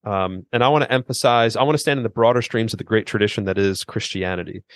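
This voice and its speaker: A man's voice: on the low side, fast, no room sound. A middle-aged man, a seminary president and author, earnestly explaining theology as a podcast guest, with frequent restarts. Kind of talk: theological interview conversation.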